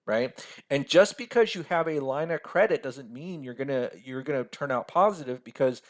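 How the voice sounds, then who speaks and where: A man's voice: medium pitch, animated, normal speed. A man teaching a personal finance lesson over a screen share. He talks casually, keeps checking in with "right?" and laughs at himself now and then. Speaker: financial mentor.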